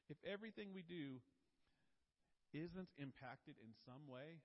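A man's voice: on the high side, expressive, measured pace, long pauses. Emphatic male pastor in reverberant church. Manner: emphatic preaching with big swings of loudness and pace. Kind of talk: sermon. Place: church sanctuary. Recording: dull recording with long church reverb.

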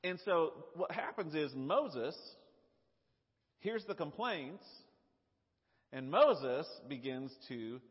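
Animated, husky-voiced male preacher. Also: a little high. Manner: animated, conversational, with fillers and repetition. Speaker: pastor. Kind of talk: sermon. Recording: dull lo-fi sound, long hall reverb.

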